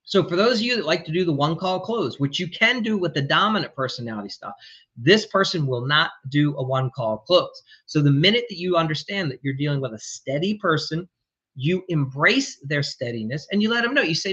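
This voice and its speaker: High, bright-voiced blunt male sales coach. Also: expressive, a little fast, slightly rough, highs cut off. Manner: emphatic, blunt, swears casually. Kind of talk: energetic coaching talk.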